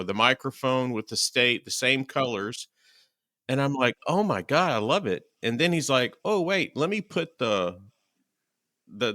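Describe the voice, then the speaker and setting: A man hosting a hiking podcast, telling stories in a chatty, animated way and acting out what people said. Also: mid-range voice, no echo, clean studio sound. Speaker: podcast host. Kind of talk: casual interview chat.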